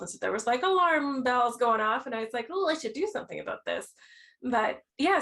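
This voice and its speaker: A woman in her thirties, a podcast guest telling her story in a casual, animated way and acting out her own reactions. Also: fairly high pitch. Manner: animated, acts out quoted reactions.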